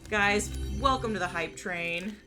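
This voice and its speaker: A woman's voice: medium pitch, unhurried, music in the background. A woman streaming from home, chatting casually with her viewers, giggling often and rambling through lots of fillers. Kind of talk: casual live-stream chat.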